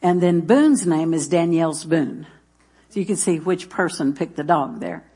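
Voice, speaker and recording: A woman's voice: low voice, animated, moderate pace, mellow, breathy edge. A woman preaching in a church, chatty and folksy, telling homey stories and reading scripture between laughs. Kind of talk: sermon with jokes and scripture reading.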